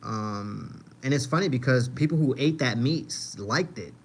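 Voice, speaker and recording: A man's voice: mid-range voice, lively intonation, moderate pace, husky. Slangy young man telling stories on stream. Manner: loose storytelling, answering chat, slangy and profane. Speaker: livestream host. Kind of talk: casual livestream chat.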